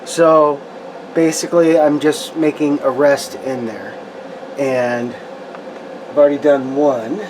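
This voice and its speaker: A man's voice: on the high side, steady tone, takes it slowly, long pauses, noisy background. A man talking casually to viewers while building scale models at his home workbench, rambling with restarts.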